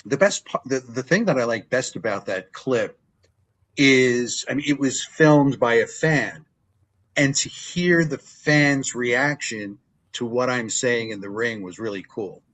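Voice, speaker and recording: An older man, a longtime ring announcer, telling stories in a relaxed interview and acting out what people said. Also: measured pace, rough recording. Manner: animated storyteller, acts out quotes with big pitch jumps. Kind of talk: storytelling interview chat.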